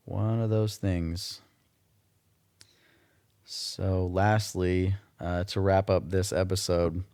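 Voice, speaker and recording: A man's voice: deep voice, darkish tone, no echo, studio quality. A man hosting a solo podcast, ranting in a casual, blunt and profane way. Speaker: podcast host.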